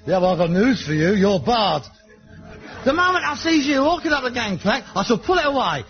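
Pompous would-be actor, middle-aged, high and swooping voice, muffled old TV sound. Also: male voice, big pitch swings, fairly quick, faint music behind, heavily acted. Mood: indignant. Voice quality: boastful, indignant. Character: aspiring working-class male would-be actor, pompous and touchy. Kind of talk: sitcom acting.

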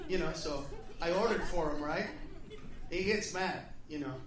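A man's voice: on the high side, moderate pace, noisy background. A man doing a brash, profane stand-up set on a comedy club stage, acting out characters as he goes. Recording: echoey club, distant mic, roaring audience.

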